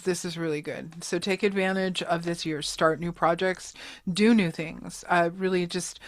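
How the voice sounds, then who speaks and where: A woman's voice: fairly low pitch, a bit bright. Chatty woman reading tarot cards. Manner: chatty, emotional, calls viewers darling. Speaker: tarot reader. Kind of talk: casual tarot reading to camera.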